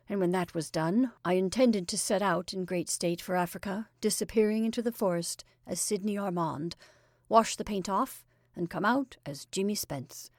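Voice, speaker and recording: A woman's voice: medium pitch, moderate pace, darkish tone, no room sound, natural voice. Exuberant chatty actor, middle-aged man, read by a woman; dry close sound. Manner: exuberant, rambling, confiding. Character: jolly middle-aged male stage actor, gleeful and chatty.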